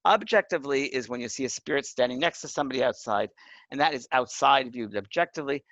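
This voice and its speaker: A man's voice: medium pitch, lively intonation, fast talker, fairly bright tone, no room sound, highs cut off. A man teaching a course on mediumship, talking earnestly and emphatically and checking in with his listeners. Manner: earnest, emphatic, often asks the listener "right?". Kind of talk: spoken lesson.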